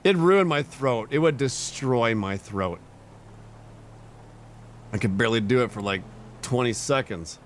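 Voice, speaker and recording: A man's voice: medium pitch, a little slow, pauses often, slight background noise. A young man streaming live, chatting casually, chuckling and thanking his chat. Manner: laid-back, chuckling, reads and thanks chat.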